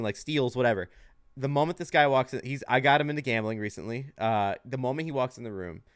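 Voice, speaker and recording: A man's voice: medium pitch, no echo, studio quality. A young man hosting a casual sports podcast, telling a gambling story with lots of swearing. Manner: animated storytelling, swears freely. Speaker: podcast host.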